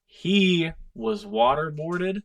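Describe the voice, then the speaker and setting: A man's voice: high-pitched, drawn-out words, vocal fry, distant mic. A man playing a tabletop game, chatting casually and chuckling. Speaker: player. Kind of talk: casual chat.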